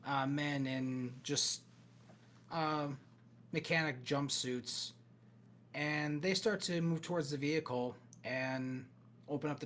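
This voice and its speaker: A man running a cyberpunk tabletop game as game master, narrating scenes in a steady, descriptive way with pauses. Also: a little high.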